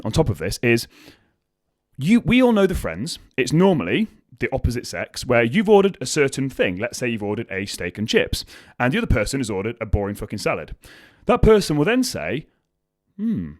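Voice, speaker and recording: Fast-talking, lively man. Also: medium pitch, dry recording. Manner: swears freely, animated storytelling with acted quotes. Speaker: podcast host. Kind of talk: casual motivational chat.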